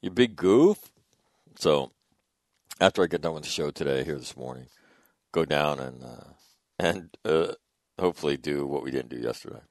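Middle-aged male radio host, low voice, dry booth sound; wry, rambling storyteller. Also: moderate pace, pauses often, no echo. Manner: rambling, chatty anecdote with wry asides. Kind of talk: casual on-air storytelling.

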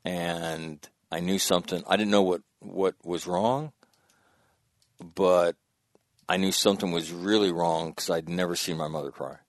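A man's voice: deep voice, fairly even intonation, unhurried, no room sound, clean studio sound. A man in his sixties telling a long personal story in casual chat, rambling and correcting himself and laughing at his own mishaps. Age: 60s.

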